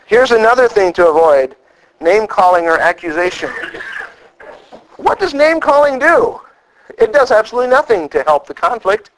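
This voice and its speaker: This middle-aged male preacher has a high voice, captured on a rough recording. His sermon is full of lively storytelling, and he performs each quoted line as he goes.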